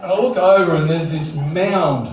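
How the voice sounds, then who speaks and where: A man in his fifties with an Australian accent, doing a crude, deadpan stand-up routine. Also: a little high, measured pace, slight background noise. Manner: blokey, crude, deadpan delivery. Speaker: stand-up comedian. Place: comedy club stage with live audience. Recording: roomy club sound from a distance.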